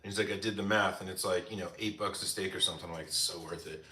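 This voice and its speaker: A man's voice: deep voice, fairly even intonation, fast talker, sharp tone, reverberant. A man hosting a casual live stream from the United States, chatting with viewers and answering their comments, with lots of "like" fillers. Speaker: live-stream cooking host.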